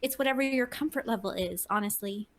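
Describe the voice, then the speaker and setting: A woman's voice: on the high side, fairly quick. A woman on a podcast panel, talking about cosplay in a candid, blunt, casual way.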